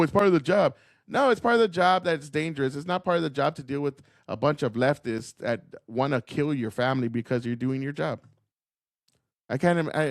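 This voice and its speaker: A man's voice: a little high, dry recording, studio quality. A man giving heated solo commentary to camera, swearing often and rambling with frequent restarts. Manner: profane, agitated, rambling with restarts.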